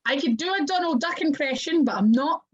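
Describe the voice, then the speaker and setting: A woman's voice: high-pitched, expressive, fairly quick. A Scottish woman wrestler chatting as an interview guest, rambling and full of "like" fillers. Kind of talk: casual interview chat. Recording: muffled lo-fi audio.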